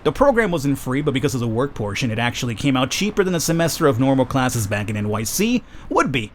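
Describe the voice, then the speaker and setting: A man's voice: medium pitch, big pitch swings, fast talker, a little hiss or hum. A man hosting a let's play, reading a story game aloud and breaking off for joking, self-mocking asides. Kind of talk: reading a visual novel aloud with jokey asides.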